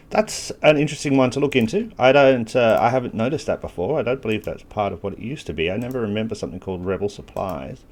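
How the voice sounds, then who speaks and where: Male gaming host, lowish voice, casual walkthrough narration, self-mocking, has the hiccups. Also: a little mellow. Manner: casual, thinking aloud with self-deprecating asides. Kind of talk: gameplay walkthrough commentary.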